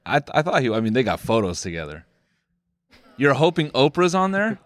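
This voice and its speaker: Sarcastic man riffing with lively pitch. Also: fairly quick, dry recording. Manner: sarcastic, rambling, laughs often. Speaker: podcast host. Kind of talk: casual comedic podcast chat.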